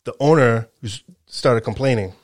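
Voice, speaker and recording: A truck driver telling a work story in casual chat, animated and profane. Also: male voice, mid-range voice, moderate pace, no echo, clean studio sound. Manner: animated, profane, acts out quotes.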